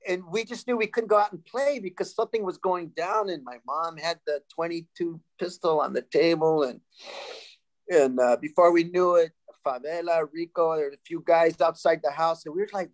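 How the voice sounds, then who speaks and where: A man in his sixties from Sacramento, California, telling lively stories as a panel guest, laughing and restarting often. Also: a little high, rough recording. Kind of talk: casual storytelling.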